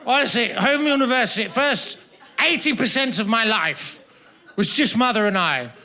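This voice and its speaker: Pompous, high-voiced man teasing a crowd. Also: animated, normal speed, bright, forceful tone. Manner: pompous, florid, mock-formal and teasing. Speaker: stand-up comedian. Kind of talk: stand-up comedy with crowd work. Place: comedy festival stage. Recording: noisy live audience laughter.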